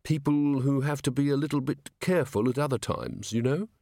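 A man voicing a steady young female watch officer in an audiobook, level and matter-of-fact. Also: medium pitch, brisk, dry recording, studio quality, voice pushed up, natural voice. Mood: firm. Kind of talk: audiobook character voice.

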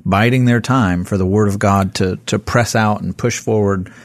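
Low voiced guy talking thru a bible passage, dry close sound. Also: steady tone, moderate pace, no echo. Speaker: podcast co-host. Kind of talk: casual Bible study discussion.

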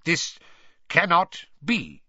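A man's voice: fairly high pitch, lively intonation, slow, bright, forceful tone, dry recording, voice pushed up, exaggerated voice. A man voices a rigid senior wizard who speaks in jerky, clipped bursts through tight lips. The voice is dry and dull. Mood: stiff. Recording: dull lo-fi recording.

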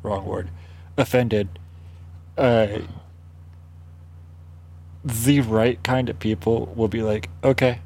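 A man hosting a casual podcast, calm and wry, wrapping up the talk. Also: on the low side, slow, long pauses. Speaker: podcast host. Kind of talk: casual chat.

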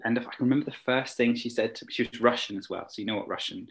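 A man's voice: mid-range voice, very fast, a bit bright, low-quality recording. A young man chatting eagerly as an interview guest, rambling with fillers. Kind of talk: casual interview chat.

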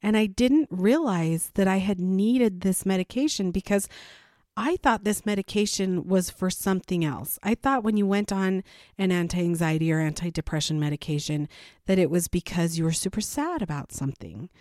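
A woman telling a candid personal story as a parent vlogger, chatty and animated, acting out both sides of conversations. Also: medium pitch, normal speed, no echo, studio quality.

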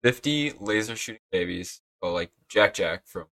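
A man's voice: lowish voice, lively intonation, moderate pace, fairly bright tone. A young man, the new podcast member, earnestly explaining and asking silly hypothetical questions. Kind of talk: casual chat.

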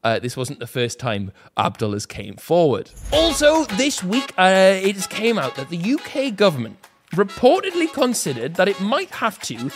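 A man's voice: sits high, huge pitch swings, normal speed, music in the background. A man with a British accent hosting a comedy news roundup, delivering scripted items with sarcastic asides and swearing. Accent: British English.

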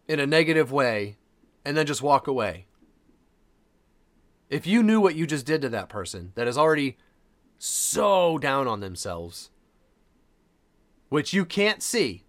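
A man's voice: on the high side, fairly bright tone. A man hosting a podcast, talking casually and earnestly, repeating phrases for emphasis. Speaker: podcast host.

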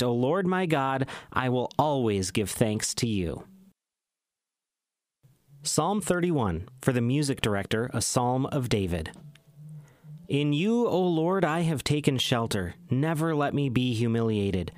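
A man reading the Bible aloud in a measured, solemn way, slowing down on emphatic phrases. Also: mid-range voice, no room sound. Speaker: scripture reader.

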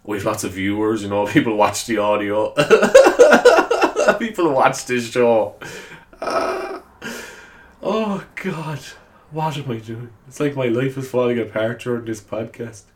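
A man's voice: mid-range voice, lively intonation, takes it slowly. A man hosting a solo podcast, chatting casually in a rambling, self-deprecating way and laughing often. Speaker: podcast host.

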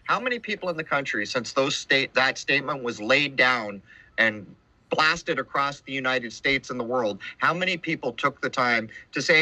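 Podcast host, man, dry close mic; sharp forceful tone, emphatic and preachy. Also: mid-range voice, animated, normal speed, no room sound, poor audio. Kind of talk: casual podcast conversation.

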